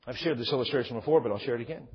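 A man preaching a sermon as pastor, animated, swinging between quiet asides and loud shouted points, quoting scripture and acting out stories. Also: medium pitch, racing, big-room sound, highs cut off.

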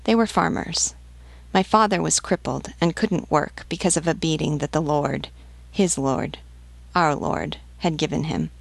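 A woman's voice: low voice, unhurried, vocal fry, dry recording, exaggerated voice. A woman voicing a frightened peasant mother who gives short, hesitant answers. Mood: fearful.

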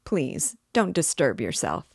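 A woman's voice: low voice, wildly swooping pitch, slow, husky, no echo, clean studio sound, full character voice. A woman voicing a sly, fussy, jovial middle-aged male police investigator in an audiobook reading. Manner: fussy, cajoling, laughing.

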